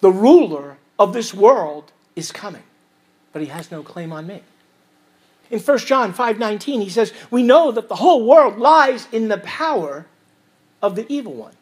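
Husky-voiced male preacher. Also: high-pitched, big pitch swings, normal speed. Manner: reads scripture aloud, swings between loud emphasis and quiet asides. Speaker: pastor. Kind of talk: expository sermon.

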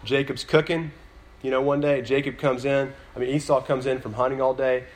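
A man's voice: medium pitch, flat delivery, a little fast. A man giving a sermon in a conversational style, full of fillers and restarts, now and then building to an emphatic point. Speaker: pastor.

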